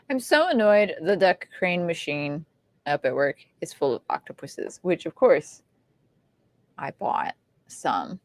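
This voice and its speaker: A woman co-hosting a casual livestream chat, playful, sometimes dropping into soft whispers as she shows off her toys. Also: fairly low pitch, sing-song, measured pace, no echo. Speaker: co-host.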